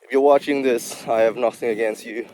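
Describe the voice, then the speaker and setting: A man's voice: mid-range voice, fairly even intonation, fairly quick, dark tone. A young man who works in healthcare, talking casually and confessionally to his viewers while out of breath, rambling with frequent asides. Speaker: vlogger, healthcare worker. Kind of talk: casual talking-to-camera vlog.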